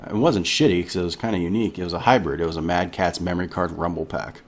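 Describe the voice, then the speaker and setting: A man's voice: deep voice, fairly even intonation, quick pace, slight background noise. A man co-hosting a casual chat, laid-back, often murmuring agreement. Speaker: podcast co-host.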